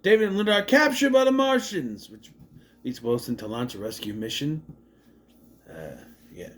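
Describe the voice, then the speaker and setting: A man's voice: mid-range voice, normal speed. A man casually recapping and reviewing a movie, swearing and mocking the scenes as he goes. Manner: animated, swears, mocks scenes in exaggerated voices.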